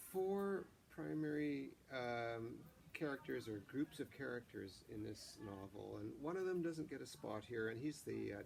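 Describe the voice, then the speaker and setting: A man, the author, chatting haltingly about his novel and then reading passages aloud. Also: mid-range voice, creaky, a little hiss or hum. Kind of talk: book reading and chat.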